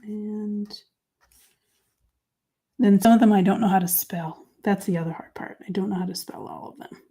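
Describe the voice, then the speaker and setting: A woman hosting a live crafting show, chatting with viewers and talking through each step, her voice dropping to quiet murmurs while she writes. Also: mid-range voice, fairly even intonation, normal speed, husky. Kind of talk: live crafting chat, answering viewer comments.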